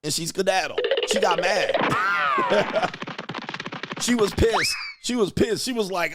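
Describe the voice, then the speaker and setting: A man's voice: high voice, unhurried, pauses often, fairly bright tone. A man hosting a livestream, ranting bluntly in crude, mocking commentary. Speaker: livestream host.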